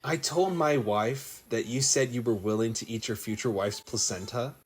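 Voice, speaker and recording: A young man co-hosting a podcast in casual chat, jokey and animated, putting on voices when he quotes people. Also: medium pitch, moderate pace, crowd noise. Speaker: podcast co-host.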